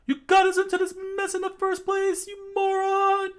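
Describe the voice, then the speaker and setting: A man voicing a furious young man in a shrill, high shout, scolding someone, while reading a manga aloud. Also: completely flat delivery, a little slow.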